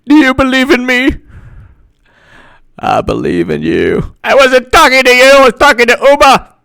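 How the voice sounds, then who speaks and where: A gushing, self-adoring older woman politician, as a man puts her on. The voice is pushed very high and squeals with excitement. It is recorded dry and close. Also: normal speed, vocal fry, no echo, exaggerated voice. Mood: coy. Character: giddy, self-adoring older female politician, eager to run again.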